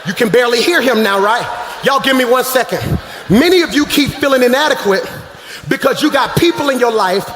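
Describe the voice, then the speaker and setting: A man preaching a sermon as pastor, shouting and half-singing his lines, calling out to the congregation from the stage. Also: very high voice, animated, a little fast, a little hiss or hum. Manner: shouting, sing-song preaching with crowd call-outs. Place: large church hall. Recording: echoey live church hall.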